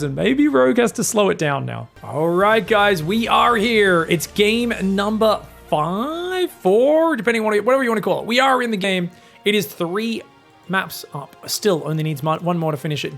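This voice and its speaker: An Australian man giving excited, casual, jokey esports commentary, sometimes swearing. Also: high voice, vocal fry. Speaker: esports caster.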